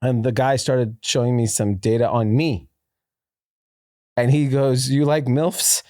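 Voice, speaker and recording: A man's voice: medium pitch, fairly even intonation, unhurried, dark tone, dry recording, studio quality. A man co-hosting a casual podcast, telling loose anecdotes full of swearing and laughter. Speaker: podcast co-host. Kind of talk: casual chat.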